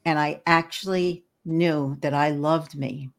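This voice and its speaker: With a low, creaky voice, a steady tone and a slow pace, an older woman speaks as a guest in a casual interview. She is an energy healer who talks earnestly and repeats words as she hunts for the right ones.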